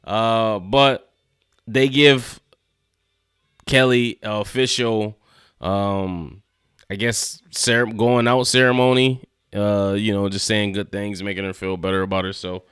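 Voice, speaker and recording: A man's voice: lowish voice, fairly even intonation, slow pace, fairly bright tone, clean tone, no echo, clean studio sound. A man casually reviewing and recapping a TV episode, laid-back and slangy, chuckling as he retells scenes. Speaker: TV show reviewer.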